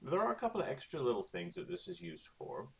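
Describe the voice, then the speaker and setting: A man's voice: medium pitch, wildly swooping pitch, fast, fairly bright tone. A man teaching a recorded Spanish lesson in a chatty way, often checking in with "okay?".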